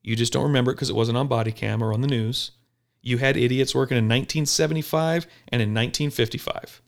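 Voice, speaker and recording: A police officer talking bluntly and profanely in a casual podcast chat, telling animated stories. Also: male voice, mid-range voice, quick pace. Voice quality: gravelly.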